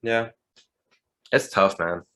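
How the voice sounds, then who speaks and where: A man's voice: lowish voice, slow, a bit bright, slight background noise. A man turning thirty, co-hosting a podcast in casual chat, laid-back and dry with a teasing edge. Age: 30s. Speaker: podcast co-host.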